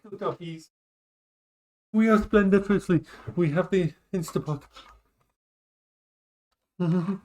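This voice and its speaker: Chatty man streaming from home. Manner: chatty, talks baby talk to his dogs in a high voice. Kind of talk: casual live-stream chat.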